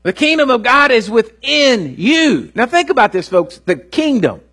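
Pastor guy preaching, kinda high raspy voice, keeps checking in w the church. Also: very animated, normal speed, pushed and bright. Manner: call-and-response preaching with "hello?" asides; earnest, repeats words for emphasis. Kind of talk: sermon. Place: church service.

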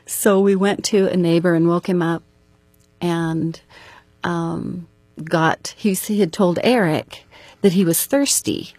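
A middle-aged woman with a slightly low, husky voice tells a personal story as an interview guest. She goes through the events earnestly, step by step. The sound is dry and close. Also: slow pace, darkish tone, dry recording.

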